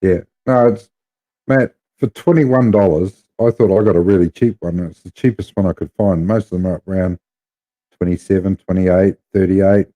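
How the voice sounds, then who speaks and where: A man's voice: deep voice, fairly even intonation, moderate pace, warm tone. A man with a New Zealand accent chatting casually to viewers, rambling and blunt as he talks about his gear. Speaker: live streamer.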